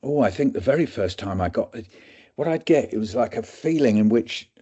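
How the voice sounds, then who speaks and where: Older man with a husky, dark voice. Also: mid-range voice, expressive, brisk, lo-fi sound. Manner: rambling, self-mocking, acts out quoted voices. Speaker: guest speaker. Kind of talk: anecdotal storytelling on a webinar. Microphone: video call.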